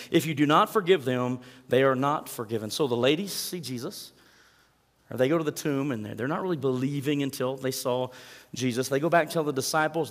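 A man preaching a sermon to his congregation, reading scripture and asking them questions. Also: on the high side. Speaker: pastor. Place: church sanctuary. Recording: hall reverb.

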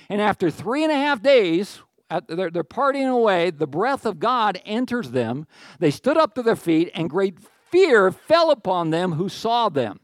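Man, middle-aged, pastor, sermon, animated, joking asides, slightly high voice, dry sound. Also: moderate pace, no room sound. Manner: animated, jokey asides, acts out quoted voices.

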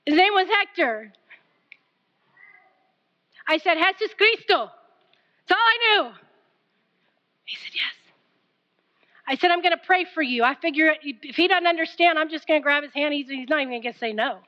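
Woman preacher, very high and bright, pleading sermon, dull lo-fi recording. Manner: passionate, pleading, varies from loud to near whisper.

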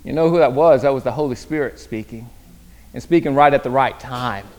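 A man preaching a sermon as pastor, telling a childhood story with repeated words at phrase starts, some lines loud, others hushed. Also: mid-range voice, a little fast.

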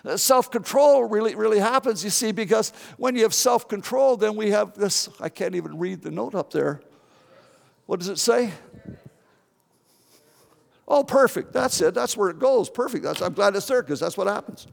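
An older man in his seventies preaching in a church, his voice high for a man and gravelly. He talks earnestly, repeating and restarting his words. A long reverb trails behind him. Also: expressive, moderate pace. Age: 70s. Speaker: pastor. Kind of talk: sermon.

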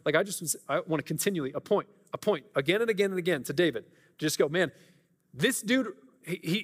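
A male pastor gives a conversational, earnest sermon, often circling back and restarting his sentences. His voice sits somewhat high for a man. The sound rings with the long reverb of a church auditorium.

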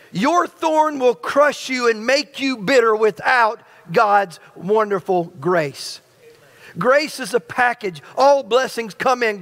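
A man's voice: very high-pitched, fairly bright tone. A male pastor preaching a sermon. He speaks straight to the congregation and often repeats or restarts his phrases. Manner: stirring preacher who addresses the congregation directly.

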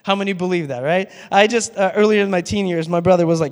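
A man preaching a sermon, leaning on an easy, chatty delivery with little laughs and asides to the congregation. His voice sits a bit higher than most men's. It carries with the long reverb of a church hall. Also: quick pace. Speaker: pastor.

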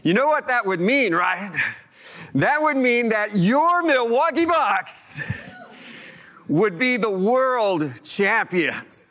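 A male pastor delivers a sermon in a high, bright voice. He talks slowly and conversationally, throwing questions at the congregation and building up energy as he goes. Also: big pitch swings.

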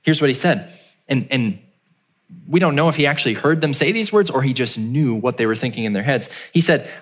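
A man preaching a sermon as pastor, telling the story and acting out the townspeople in a raised voice, then dropping low and quiet for emphasis. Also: lively intonation, a little fast.

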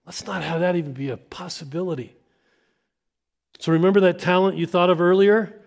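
A man's voice: sits high, fairly even intonation, creaky. A man preaching a sermon, telling an imagined story and acting out the people in it. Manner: storytelling, acting out scenes in quick voices.

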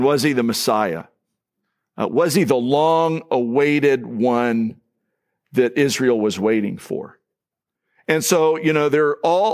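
Earnest male pastor preaching. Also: mid-range voice. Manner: earnest preaching with fillers and restarts. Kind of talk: sermon.

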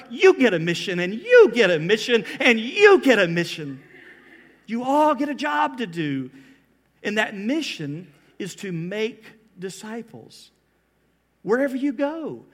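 High-voiced man preaching with slow emphasis. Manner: animated preaching, slows down for emphasis and rises in pitch. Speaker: pastor. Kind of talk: sermon.

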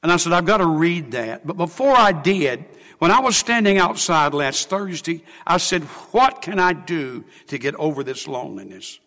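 A man preaching a sermon, swinging from hushed, emotional confession to loud exclamation. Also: on the high side, sing-song, normal speed, in a large hall.

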